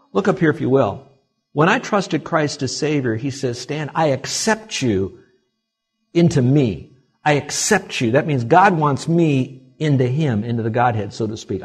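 A male pastor delivers a sermon to a church congregation in a husky, somewhat breathy voice at a middle pitch. He moves from soft, confiding asides to loud, emphatic peaks.

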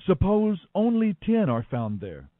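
A man's voice: sits high, wildly swooping pitch, unhurried, no room sound, phone-quality sound, full character voice. A man reading scripture, voicing a humble old man who pleads and bargains. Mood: pleading.

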